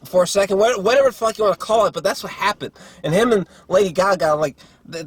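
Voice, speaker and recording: Rambling, profane young man reviewing a movie. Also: fairly high pitch. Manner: rambling, profane, with filler words and frequent throat clearing. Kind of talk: casual spoken movie review. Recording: faint background noise.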